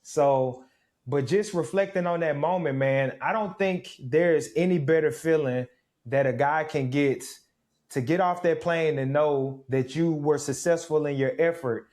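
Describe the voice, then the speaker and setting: Man in his 30s, somewhat high voice, reflective storyteller, interview guest. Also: unhurried. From Mississippi, USA. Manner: reflective, animated storytelling with laughs. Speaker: guest, former pro football player.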